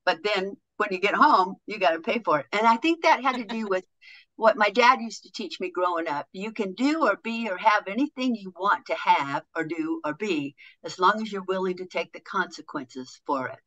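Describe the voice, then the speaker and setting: A woman guest on a podcast, a motivational speaker and author, telling stories in an animated way and acting out quoted voices. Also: medium pitch, normal speed, few pauses, dull audio. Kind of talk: conversational podcast interview.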